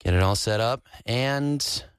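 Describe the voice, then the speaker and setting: A man's voice: mid-range voice, slow pace, clean tone, dry recording. A man hosting a morning radio show, chatting casually and laughing easily. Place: radio studio.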